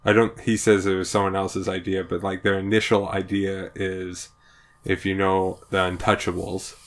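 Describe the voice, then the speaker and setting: A man with a low voice co-hosts a podcast. He describes a show he loves in a very flat, even tone. He talks casually and explains things as he goes. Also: moderate pace. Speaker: podcast co-host.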